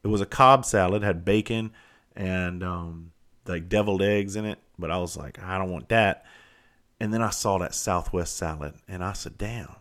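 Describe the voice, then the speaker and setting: A man's voice: sits low, moderate pace. A man in his forties with a Southern US accent, telling a rambling, profane story in a casual monologue. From Southern United States. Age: 40s. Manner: profane, animated, rambling and self-interrupting. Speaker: vlogger.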